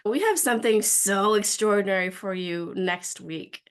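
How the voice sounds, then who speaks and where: A woman co-hosting a relaxed podcast, speaking in a middle pitch. She gushes with warm enthusiasm, doubling back over her words as she goes. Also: normal speed. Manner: warm, effusive, with frequent restarts and laughs. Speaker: podcast co-host and practice manager. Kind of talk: casual podcast chat.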